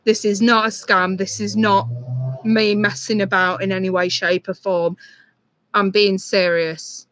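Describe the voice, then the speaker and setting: A tarot reader on a live stream, talking softly and reassuringly to a viewer, with many ums and restarts. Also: medium pitch, level tone, measured pace, slight background noise.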